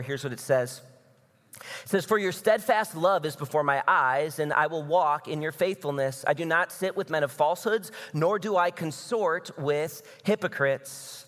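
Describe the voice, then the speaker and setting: A male pastor from the American Midwest delivers a sermon in a fairly high voice, easy and conversational one moment and emphatic the next. The sound carries the long reverb of a large church hall. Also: fairly bright tone. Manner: conversational preaching, rising to emphatic bursts.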